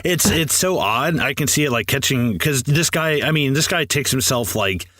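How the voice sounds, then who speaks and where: A man co-hosting a podcast in casual film chat, animated, swearing a lot and acting out quoted lines. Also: medium pitch, moderate pace, no echo. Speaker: podcast co-host.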